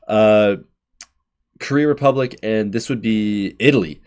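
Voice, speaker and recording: Lower-voiced man thinking aloud. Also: a little mellow, clean tone. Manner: thinking aloud, quick asides and laughs. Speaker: channel host. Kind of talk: casual bracket-prediction commentary.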